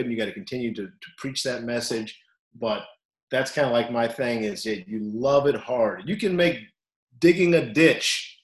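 A man who coaches wrestling, telling stories in an animated way and acting out the quotes loudly over a video call. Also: mid-range voice. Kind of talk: storytelling interview. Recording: roomy echo.

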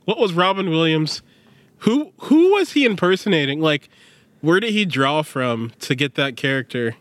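A man co-hosting a podcast in casual chat, rambling with lots of fillers and quick laughs. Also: a little high, big pitch swings, fairly bright tone, no echo. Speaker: podcast co-host.

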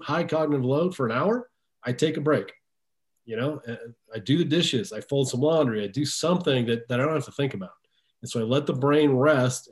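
A man hosts a podcast in easygoing chat. He speaks at a middle pitch and often restarts and repeats words as he works out his thoughts. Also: a little mellow. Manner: conversational, repeats words while thinking aloud. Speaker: podcast host.

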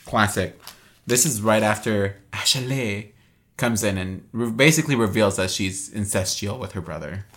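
A young man co-hosting a podcast, tossing in quick sarcastic quips while recapping a movie. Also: on the low side, fairly bright tone. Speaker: podcast co-host. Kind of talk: casual movie recap chat.

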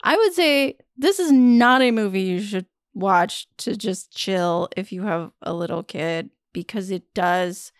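A woman's voice: mid-range voice, a little slow, hardly any pauses, clear, resonant tone, no echo, studio quality. A woman co-hosting a podcast, reviewing a film in casual chat and laughing often.

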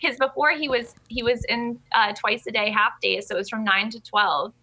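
A woman's voice: on the high side, fairly even intonation, moderate pace, bright, forceful tone, poor audio. A young woman from New Jersey chatting casually as an interview guest, telling stories animatedly with lots of fillers. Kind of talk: casual chat.

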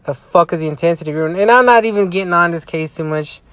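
A man's voice: on the high side, quick pace, fairly bright tone, no echo. A tired man in a casual vlog rant, rambling with heavy swearing and frequent restarts. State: tired, yawning. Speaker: sports fan vlogger.

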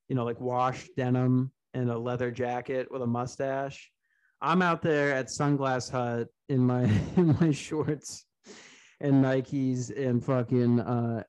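A man's voice: medium pitch, darkish tone, smooth. A young man co-hosting a casual comedy podcast, rambling through crude jokes, swearing often and laughing at his own lines. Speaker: podcast co-host.

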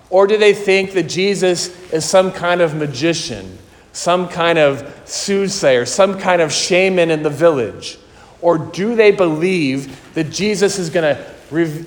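Male preacher, earnest sermon delivery, long church-hall reverb. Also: a little high. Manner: slow, earnest, questioning delivery.

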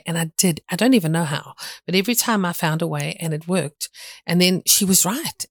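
A woman's voice: lowish voice, dry recording, studio quality. A middle-aged woman preaching a sermon, telling stories in an earnest way with frequent restarts.

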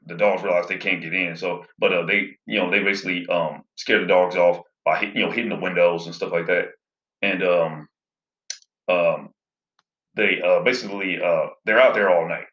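Male reviewer, very deep voice, rambling casual recap with many fillers, slightly dull roomy audio. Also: fairly bright tone. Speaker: movie reviewer.

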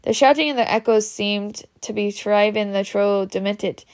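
A woman reading a children's story aloud in a steady way. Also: mid-range voice, normal speed. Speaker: reader.

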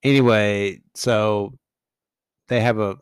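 A man co-hosting a casual film chat, recapping the plot in a measured way and laughing often. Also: on the low side, fairly even intonation, clear, resonant tone, no echo, clean studio sound. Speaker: podcast co-host.

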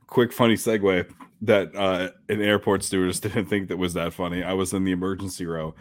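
A man's voice: sits low, flat delivery, a little fast. A man co-hosting a podcast, telling jokey stories in casual chat and swearing often. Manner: profane, jokey storyteller. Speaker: podcast co-host.

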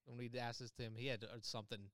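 A man's voice: medium pitch, steady tone, quick pace, fairly bright tone, no room sound. A man hosts a podcast in a loose, chatty way. He restarts sentences and laughs easily. His voice sounds dry and close to the mic. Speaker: podcast host. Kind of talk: casual chat.

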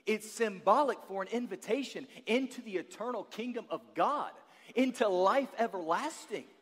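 Guest pastor, male, high voice, emphatic sermon delivery with loud peaks and hushed drops, big reverberant sanctuary. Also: animated, normal speed, husky. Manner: emphatic, building to loud peaks and dropping to quiet asides.

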